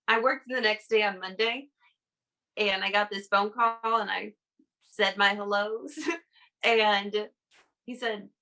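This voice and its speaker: A woman's voice: medium pitch, steady tone, slow pace, long pauses, bright, forceful tone, poor audio. A woman on a casual podcast, telling a personal story in a rambling way, laughing between phrases. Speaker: guest.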